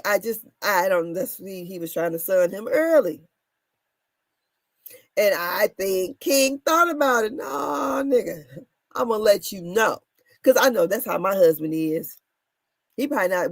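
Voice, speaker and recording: A woman in her thirties casually recapping reality TV drama, animated and laughing, her voice swinging between loud and soft. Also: mid-range voice, moderate pace, no echo. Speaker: commentary show host.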